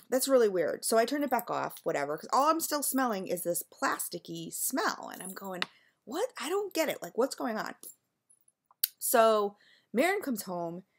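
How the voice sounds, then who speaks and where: Chatty woman rambling through a story. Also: medium pitch. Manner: chatty, rambling, filler-heavy retelling. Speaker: vlogger. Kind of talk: casual storytelling to camera.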